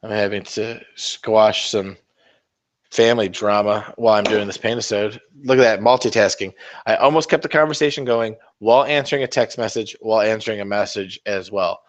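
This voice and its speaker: A man's voice: on the low side, fairly even intonation, fairly quick. A man hosting a casual miniature-painting livestream, rambling and swearing in a self-mocking way as he talks to viewers. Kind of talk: casual live-stream chat while painting.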